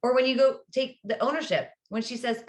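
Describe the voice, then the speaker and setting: A woman's voice: fairly high pitch, fairly even intonation, fairly quick. A woman guest in a casual interview, an upbeat educator explaining ideas and often adding "right?". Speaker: guest, public health educator.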